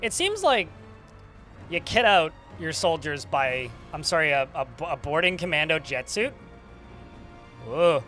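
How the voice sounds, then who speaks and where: A man's voice: on the high side, sing-song, moderate pace, bright, forceful tone, soft background music. A man casually commentating a strategy game while streaming, chatty and swearing now and then. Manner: chatty, swearing, talks to chat.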